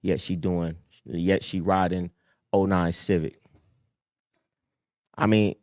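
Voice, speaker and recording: A man hosting a live call-in show, talking casually in a streetwise, preachy way that swings from low mutters up to high emphatic bursts. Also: flat delivery, unhurried, long pauses, a little mellow, dry recording, studio quality. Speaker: host. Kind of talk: casual livestream talk.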